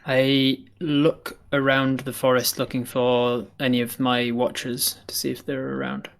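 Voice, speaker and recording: A man playing in a tabletop role-playing game, speaking in a measured, polite way. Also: medium pitch, flat delivery, creaky. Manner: measured, polite in-character speech. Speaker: player.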